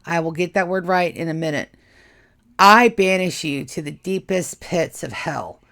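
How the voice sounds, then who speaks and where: A woman's voice: lowish voice, measured pace, a bit bright. A woman voicing a furious male vampire companion who snarls curses at his enemy. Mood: enraged.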